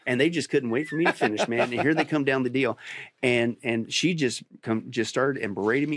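A man's voice: mid-range voice, brisk, dry recording. Emphatic preaching man, dry close sound. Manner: emphatic, rising to forceful peaks. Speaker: pastor. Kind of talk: preaching on a podcast interview.

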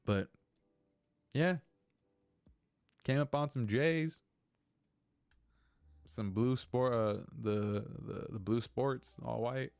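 A man's voice: mid-range voice, drawn-out words, long pauses, a little mellow, clear, resonant tone, no echo, faint music behind. A young man hosting a casual solo podcast, rambling and venting with lots of swearing. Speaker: podcast host.

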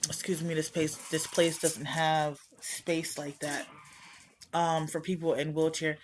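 A woman's voice: sits low, level tone, measured pace, slight background noise. A middle-aged woman hosting her own podcast, talking casually and candidly in a rambling, self-reflective way from home. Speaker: podcast host. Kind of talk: casual personal talk.

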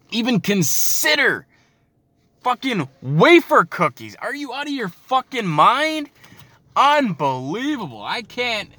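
A man's voice: high-pitched, bright, forceful tone. A tired young man hosting a podcast, delivering a profane, exasperated comic rant from his car at night. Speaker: podcast host.

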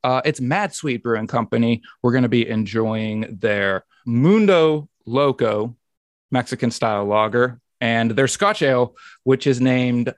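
An easygoing man hosting a casual podcast, in a mid-range voice with a relaxed, slightly rambling delivery. The sound is dry and close. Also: medium pitch, a little slow, no echo. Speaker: podcast host.

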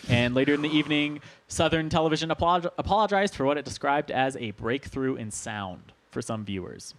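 A man hosting a casual podcast, relaxed and joking as he reads from his notes. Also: a little high, fairly quick. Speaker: podcast host.

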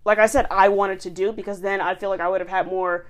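A woman's voice: medium pitch, fast. A woman from New Jersey co-hosting a podcast, talking casually and telling stories with lots of fillers. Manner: chatty, animated storytelling with lots of fillers. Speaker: podcast co-host. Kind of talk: casual chat.

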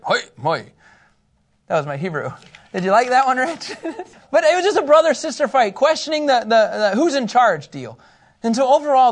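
A man teaching a Bible lesson to a small group in a conversational, animated way, laughing often. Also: high-pitched.

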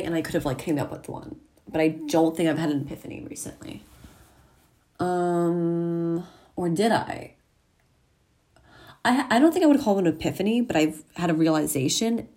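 A teenage girl talks to the camera from her mirror at home, close to the lens. Her voice sits a little low, and she rambles in a chatty, self-mocking way. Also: mellow. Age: teens. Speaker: vlogger. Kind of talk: casual chat to camera.

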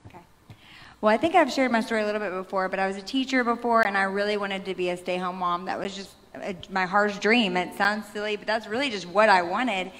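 A woman in her thirties tells her faith story in a heartfelt, rambling way, often breaking off and restarting. Her voice sits at a middle pitch. A long reverb hangs on every word, as in a large church hall. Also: fairly even intonation, fast talker, fairly bright tone, a little hiss or hum. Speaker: panelist sharing testimony. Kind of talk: personal faith testimony on stage.

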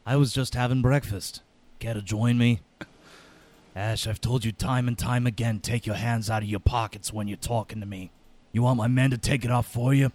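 A man voicing a menacing male mob boss for an anime dub demo, low and quietly threatening. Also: fairly even intonation, normal speed, lightly acted. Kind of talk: voice acting demo reel.

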